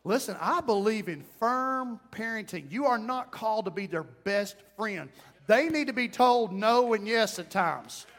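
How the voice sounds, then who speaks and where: A middle-aged pastor preaches with folksy emphasis, swinging from loud calls down to low asides. His voice sits high for a man. The church sanctuary gives it a long, trailing reverb. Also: lively intonation, measured pace. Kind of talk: sermon.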